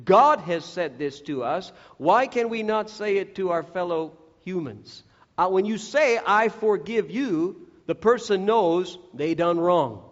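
A man's voice: sits high, animated, a little slow. A man preaching a sermon, earnest and direct, who acts out the voices he quotes. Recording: echoey hall, dull lo-fi sound.

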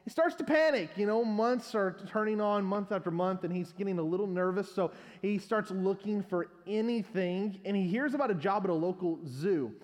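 A man's voice: sits high, moderate pace, few pauses, long reverb tail. A male pastor preaching a sermon, telling a long humorous story as an illustration.

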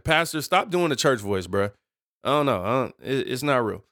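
A man's voice: on the high side, sing-song, brisk, fairly bright tone, dry recording, clean studio sound. Chatty man hosting a solo podcast. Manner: rambling, self-correcting, playful asides. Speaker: podcast host. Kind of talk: casual solo podcast talk.

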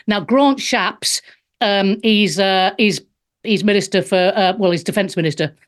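A woman's voice: medium pitch, a little slow. Brash sarcastic woman in her fifties. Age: 50s. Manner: sarcastic, brash, swears freely. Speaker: host; stand-up comedian. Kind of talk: comedic news rundown.

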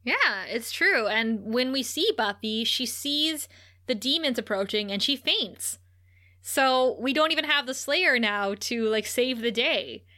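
A woman with a bright, fairly high voice tells an episode recap in a casual, animated way. She giggles often as she talks over the story beats. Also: unhurried. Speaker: podcast co-host.

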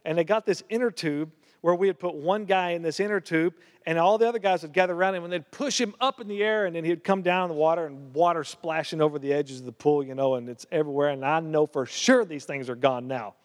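Male pastor, high voice, storytelling sermon in a church with long reverb. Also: quick pace, few pauses. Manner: storytelling, rising to fervent preaching.

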